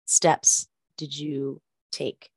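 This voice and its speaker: A woman hosting a podcast, asking gentle, reflective questions and holding space for her guest. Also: low-pitched, flat delivery, drawn-out words, breathy edge, dry recording, clean studio sound. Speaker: podcast host. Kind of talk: supportive interview conversation.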